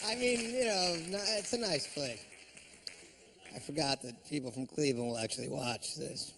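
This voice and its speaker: Profane sardonic comic guy on stage, gravelly and kinda high, faint crowd hum. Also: moderate pace. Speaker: stand-up comedian. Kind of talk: stand-up comedy routine.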